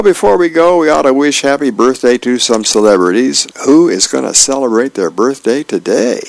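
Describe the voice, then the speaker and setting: A man working as a volunteer radio reader, reading the newspaper aloud in an unhurried way. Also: mid-range voice, vocal fry, poor audio.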